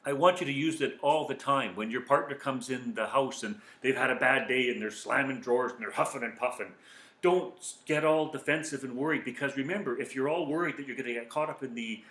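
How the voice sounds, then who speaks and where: A man giving calm, earnest self-help advice as a coach speaking to viewers. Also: mid-range voice. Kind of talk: motivational talk to viewers. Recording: echoey room.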